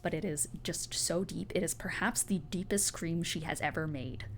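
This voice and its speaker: A woman's voice: on the low side, moderate pace, slight background noise. A woman narrating as game master in a casual, giggly way.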